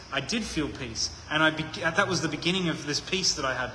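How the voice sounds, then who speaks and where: A man's voice: fairly high pitch, fairly quick, bright, forceful tone, a little hiss or hum. A man preaching a conversational sermon, thinking aloud with frequent restarts. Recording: echoey hall with long reverb.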